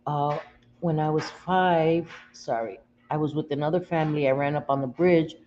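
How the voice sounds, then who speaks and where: A US-based livestream host, broadcasting casually from home, confides in viewers with emotion, close to crying and frequently repeating herself. She has a low, darkish voice at a moderate pace. Dull lo-fi audio carries faint room noise.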